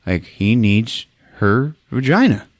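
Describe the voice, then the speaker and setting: A male podcast host who recaps a film with a laughing, profane comedy delivery. His pitch leaps all over as he tells the story. He is recorded dry and close to the mic. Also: big pitch swings, slow pace, dry recording.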